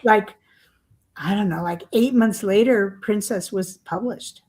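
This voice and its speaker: On a podcast, an older author guest tells her story with rambling chattiness, fillers, and little laughs. Her voice is mid-range and darkish in tone, delivered at a measured pace.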